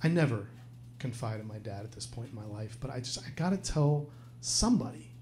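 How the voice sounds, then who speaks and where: A man's voice: medium pitch, animated, a little fast, darkish tone, slight background noise. A man telling a true personal story at a live storytelling show, earnest and reflective. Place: live venue stage.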